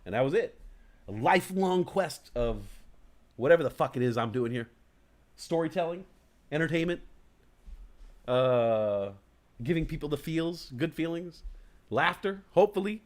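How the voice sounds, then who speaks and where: A man hosts a casual livestream talk show with a fairly high voice. He tells stories with lots of energy, acting out inner voices and swearing casually. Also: normal speed, long pauses. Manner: animated storytelling, acts out inner voices loudly, swears casually.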